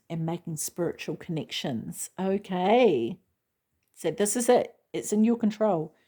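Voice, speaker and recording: A woman's voice: mid-range voice, warm tone. A woman giving a casual tarot reading, reading card meanings aloud and breaking in with enthusiastic comments. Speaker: tarot reader.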